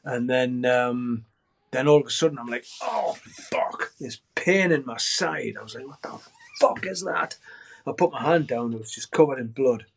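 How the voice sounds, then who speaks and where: Animated older man telling a story. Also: mid-range voice, normal speed, gravelly. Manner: animated, swearing, acts out shouted quotes. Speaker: guest musician. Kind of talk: storytelling in a podcast interview.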